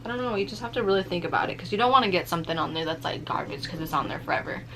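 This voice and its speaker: A young woman telling a story in a casual vlog, animated, swearing freely and using lots of fillers. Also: fairly low pitch, racing, a little hiss or hum. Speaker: vlogger.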